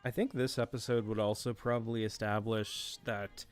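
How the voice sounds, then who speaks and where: A man's voice: on the low side, little pitch movement, moderate pace, smooth, soft background music. A young man casually narrating a fan-made game, thinking aloud with fillers and offhand swearing. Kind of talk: casual unscripted commentary.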